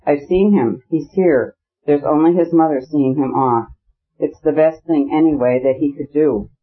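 A man's voice: fairly high pitch, normal speed, muffled recording, close to an everyday voice. A male narrator voicing an eager, chatty society princess in an audiobook. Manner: chatty, gushing.

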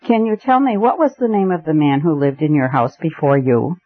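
A man reading voices a strange, sleepy mystic in a story who asks calm, probing questions. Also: on the high side, no room sound, close to an everyday voice. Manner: slow, drowsy, probing. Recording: tinny phone-like band.

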